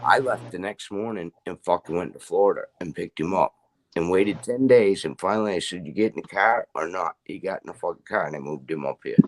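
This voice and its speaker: A man's voice: low voice, animated, fairly quick. A middle-aged man in casual chat, telling rambling stories full of swearing. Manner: profane, rambling storyteller.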